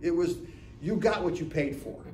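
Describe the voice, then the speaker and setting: A man's voice: a little high, moderate pace, darkish tone, slight background noise. A man in his seventies from Northeast Ohio gives a business talk as a chatty storyteller, acting out dialogue and often asking "right?". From Northeast Ohio, USA. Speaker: guest speaker at a business lunch talk. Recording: echoey room, mic from far off.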